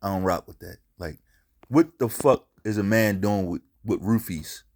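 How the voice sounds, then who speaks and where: A man's voice: fairly low pitch, moderate pace, a little mellow. A man hosting a casual commentary show, speaking bluntly and profanely and repeating himself for emphasis. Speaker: commentary channel host.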